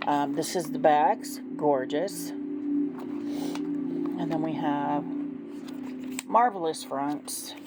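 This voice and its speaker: Woman vlogger: low voice, unhurried, chatty and sleepy, loud music underneath. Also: sing-song, poor audio. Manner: chatty, gushing, rambling. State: yawning, sleepy. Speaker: tarot deck reviewer. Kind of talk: casual vlog chat.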